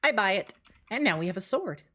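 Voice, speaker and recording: Breathless, excited young woman streamer. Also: medium pitch. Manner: animated, rushing, laughs between phrases. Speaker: streamer and game mode developer. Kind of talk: excited live-stream walkthrough.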